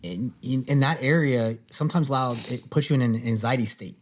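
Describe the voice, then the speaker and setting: A man hosting a podcast, chatting casually in a relaxed, rambling way with frequent restarts. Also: mid-range voice, fairly quick. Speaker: podcast host. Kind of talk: casual conversation.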